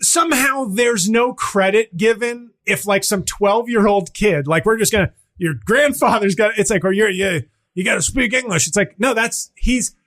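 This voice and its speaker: Animated high-voiced male podcast host. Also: normal speed, few pauses. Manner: animated, acts out quotes in shifting voices. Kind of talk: casual comedic chat.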